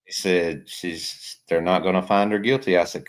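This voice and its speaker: A man's voice: low-pitched, fairly even intonation, normal speed. A man hosting a livestream in casual chat, easygoing and chatty as he reads out viewer comments. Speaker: livestream host.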